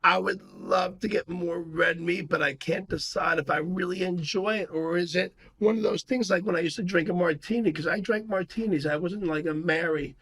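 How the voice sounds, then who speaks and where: A man chats on a podcast as a guest. He tells long, rambling stories with lots of fillers and restarts. His voice sits a bit high for a man. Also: normal speed, hardly any pauses, husky. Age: 50s. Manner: animated storyteller, rambling with many fillers. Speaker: podcast guest, martial arts instructor. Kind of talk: casual chat.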